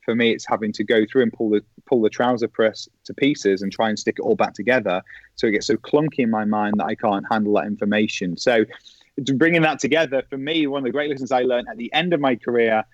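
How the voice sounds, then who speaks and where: A middle-aged man spins a lively anecdote, jumping into the voices of the people in his story. His voice sits at an ordinary pitch, and the recording is dry with a slightly dull, lo-fi edge. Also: fast, no echo. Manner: animated storyteller who acts out quoted voices. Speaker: podcast guest, former pro golfer. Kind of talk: casual anecdote telling.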